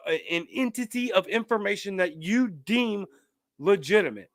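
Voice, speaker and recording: A man's voice: sits high, dry recording, studio quality. A man hosting a political commentary show, ranting emphatically and reading out viewer comments. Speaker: host.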